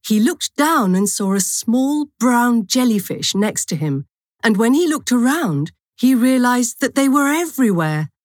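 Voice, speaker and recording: A woman narrating a short story for a language course in a clear, measured storytelling manner. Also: on the high side, animated, no room sound, clean studio sound.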